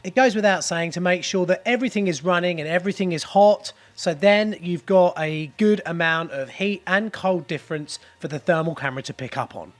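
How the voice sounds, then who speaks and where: A man's voice: high-pitched, fairly quick, few pauses. A man, a plumber, explaining his work in a chatty, jokey how-to vlog while indoors in a house. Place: boot room of a house, indoors.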